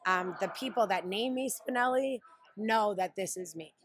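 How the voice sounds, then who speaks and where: A woman who wrestles professionally, telling stories in a brash, animated way during a casual interview. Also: medium pitch, moderate pace, slightly rough, dry recording. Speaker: pro wrestler.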